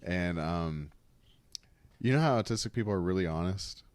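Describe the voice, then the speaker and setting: A man with a very low voice chats casually on a podcast. He tells long, animated, rambling stories. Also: moderate pace. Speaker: podcast co-host.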